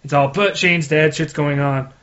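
A man chatting casually on a podcast, quick and chatty, swearing freely as he compares a show with its source. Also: on the high side, fairly even intonation, a bit bright. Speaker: podcast co-host. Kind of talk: casual chat. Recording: dull lo-fi sound.

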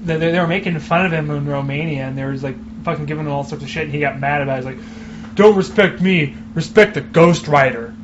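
A man's voice: fairly high pitch, little pitch movement, fast talker. A man co-hosting a podcast in casual chat, ranting with heavy swearing. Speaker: podcast co-host. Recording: muffled recording with clear background noise.

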